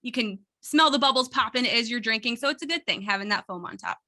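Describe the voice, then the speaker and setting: Chatty female podcast co-host, bright, slightly high voice. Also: fast talker. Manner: upbeat, chatty, laughs easily. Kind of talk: casual podcast chat.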